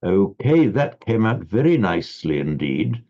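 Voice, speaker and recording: A man teaching a recitation class over a video call, explaining patiently with frequent halting restarts. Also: fairly low pitch, very animated, muffled recording. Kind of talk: online class instruction.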